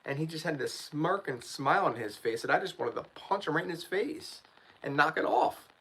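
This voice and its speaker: A man's voice: on the high side, lively intonation, moderate pace, fairly bright tone, breathy edge, poor audio. A man hosting his channel, telling a story in a casual livestream chat, ranting and often saying "dude" and "man". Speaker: channel host.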